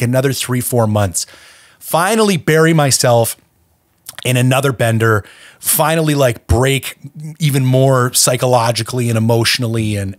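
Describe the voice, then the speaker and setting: A man's voice: medium pitch, dry recording, clean studio sound. A man hosting a podcast, telling his own recovery story bluntly and with plenty of swearing. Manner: blunt, profane, intense storytelling. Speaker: podcast host.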